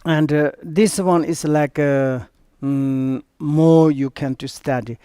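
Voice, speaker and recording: Man with Tibetan as first language, Buddhist teacher, halting English, mellow voice, dry sound. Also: a little high, clean tone, no room sound. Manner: halting, searching for words in English; relaxed, with many fillers and asides. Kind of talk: online dharma teaching.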